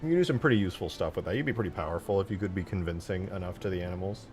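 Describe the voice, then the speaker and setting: A man streaming himself modding a game, excitable and swearing a lot, swinging from low mumbles to sudden yells. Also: rapid-fire, faint music behind. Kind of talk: live-stream commentary.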